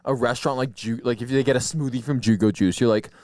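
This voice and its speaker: A man's voice: medium pitch, steady tone, quick pace, darkish tone, no room sound. A young man co-hosting a podcast, rambling in casual chat, laughing often and acting out quotes. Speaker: podcast co-host.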